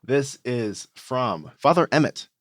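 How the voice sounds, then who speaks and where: A man's voice: mid-range voice, animated, slow pace, no echo, clean studio sound. A man co-hosting a podcast, chatting in a light, friendly way and reading out listener mail. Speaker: podcast co-host. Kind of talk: casual podcast chat.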